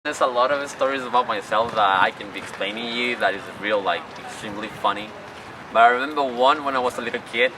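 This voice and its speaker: Street noise is loud and the mic far off as this fast-talking man with a mid-range voice tells casual stories to camera outdoors in a city. Originally from Chile with Spanish as his first language, he's a job applicant and tourist guide whose chatty English rambles with non-native phrasing.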